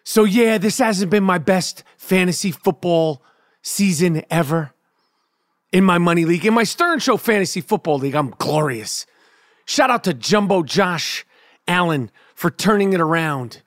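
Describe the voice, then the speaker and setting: A man's voice: high voice, expressive, unhurried, no echo, studio quality. A man hosting a podcast, telling a rambling, profane, comedic story in casual chat. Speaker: podcast host.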